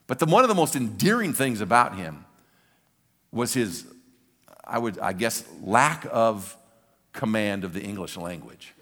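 A man's voice: on the low side, big pitch swings, a little slow, pauses often, a bit bright, long reverb tail. An older man preaching a sermon as a pastor, telling a story with energy and repeating words for emphasis.

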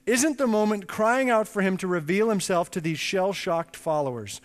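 A man preaching a sermon, emphatic and animated, with chatty asides. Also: sits high, normal speed, hardly any pauses. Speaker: pastor. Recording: long reverb in a large hall.

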